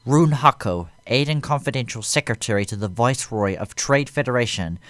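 A man narrating a fan story aloud in a steady, even way. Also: medium pitch, fairly quick, no room sound.

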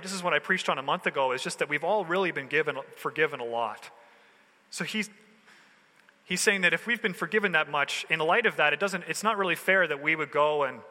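A man's voice: on the high side, sharp tone. A male pastor giving a sermon in a loose, conversational way, full of everyday slang. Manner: casual, conversational preaching with slang. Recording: long hall reverb.

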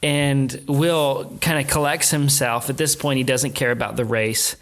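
An adult man tells a story in an easy conversational way. He animates the retelling with quoted voices and short laughs. His voice sits at an ordinary middle pitch. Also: steady tone, a little slow, fairly bright tone. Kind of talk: casual storytelling chat.

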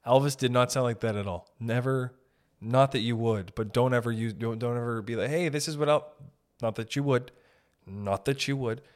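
The young podcast host here speaks at a normal speed in a medium-pitched, steady tone. His comedic monologue rambles, full of self-interruptions and offhand swearing.

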